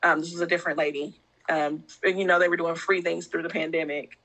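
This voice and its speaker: A woman speaking as a podcast guest, telling a personal story in a candid, heartfelt, animated casual conversation. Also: on the low side, fast, poor audio.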